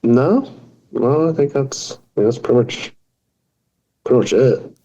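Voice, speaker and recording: A man's voice: medium pitch, measured pace, dark tone, highs cut off. A man in his forties, a podcast guest, talking casually and telling self-deprecating jokes. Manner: joking, self-deprecating storyteller. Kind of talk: casual interview talk.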